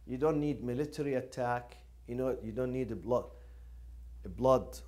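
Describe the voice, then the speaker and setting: A man's voice: medium pitch, moderate pace, a little mellow. Impassioned man lecturing with repeated phrases. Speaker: lecturer on Quranic studies. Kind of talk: religious lecture.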